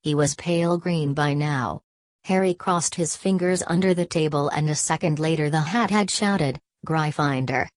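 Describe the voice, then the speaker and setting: A woman narrating an audiobook in a steady, measured way. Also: sits low, no echo.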